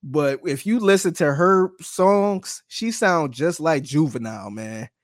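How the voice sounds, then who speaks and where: A man's voice: a little high, measured pace, no echo, studio quality. A man co-hosting a podcast, telling casual stories with slang and frequent laughter. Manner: chatty storyteller, laughs often, casual slang. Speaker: podcast co-host.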